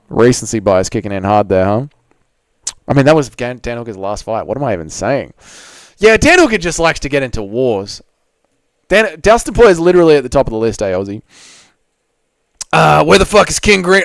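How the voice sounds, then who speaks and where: A man hosts a casual live stream, reading out viewer comments and joking back at them. His voice is a touch higher than most men's, and the close desk mic gives a dry sound with no room echo. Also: smooth. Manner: loose, joking, banters with viewers.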